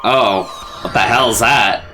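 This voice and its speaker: A man's voice: lowish voice, slow pace. A man hosting a casual reaction video, chatty, laughing often and blurting out his reactions. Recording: show audio playing loudly beneath.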